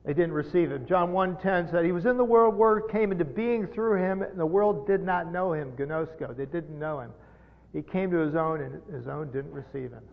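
Middle-aged preacher in an echoing hall. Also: male voice, a little high, vocal fry. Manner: earnest, halting repetitions, rises to emphatic peaks. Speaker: pastor. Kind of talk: sermon. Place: church sanctuary. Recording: dull sound with long hall reverb.

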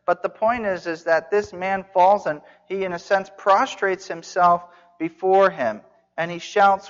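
High-voiced man preaching in a hall. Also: moderate pace. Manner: earnest, emphatic, repeats phrases for stress. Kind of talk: expository sermon. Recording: dull sound with long hall reverb.

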